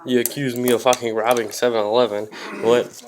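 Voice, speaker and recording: A man's voice: medium pitch, level tone, a little fast, darkish tone. A man, defiantly listing grievances at his family and cursing. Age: 20s. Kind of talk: angry confrontational rant to family.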